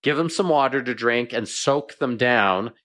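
A man's voice: medium pitch, normal speed, a bit bright. A man speaking as a veterinarian guest on a radio show, explaining plainly and often repeating words as he thinks.

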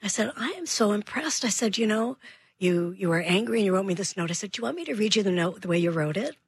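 Husky-voiced woman telling parenting stories. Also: mid-range voice, fast talker, no echo. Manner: animated storyteller acting out dialogue. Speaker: guest child behavior expert. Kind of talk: radio interview storytelling.

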